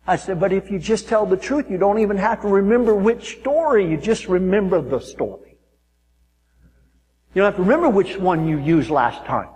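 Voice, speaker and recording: Pastor guy preaching, kinda high voice, lots of echo from a big church hall. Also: moderate pace. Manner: animated storytelling, mimics people in high voices. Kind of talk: sermon. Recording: long reverb of a large hall.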